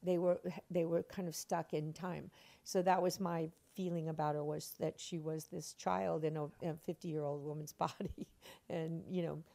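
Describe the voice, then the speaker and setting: A woman's voice: sits low, moderate pace, gravelly. An older woman, a stage actress being interviewed, telling stories with lots of expression and frequent laughter. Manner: expressive, laughing often, acts out quotes. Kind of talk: animated anecdotal storytelling.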